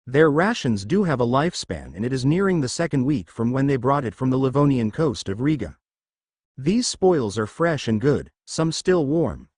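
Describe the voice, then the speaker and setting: A man's voice: medium pitch, no room sound, clean studio sound. A man reading a first-person story recap as scripted storybook narration.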